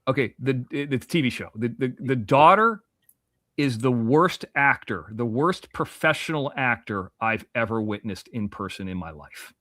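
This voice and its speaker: A man in his forties, originally from Florida, telling a long story as a podcast guest, animated and profane, full of restarts and asides. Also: mid-range voice, moderate pace, dry recording, studio quality.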